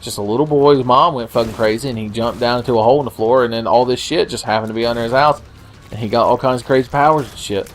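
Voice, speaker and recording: A man's voice: medium pitch, quick pace, soft background music. A man giving joking, rambling commentary as he plays a video game, cursing freely. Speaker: let's play host. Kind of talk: gameplay commentary.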